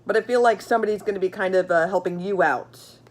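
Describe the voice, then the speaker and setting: This tarot reader talks fast in a medium-pitched voice, giving viewers a casual, profane reading. Her style is blunt and chatty, loaded with fillers, and she keeps repeating herself while drawing cards.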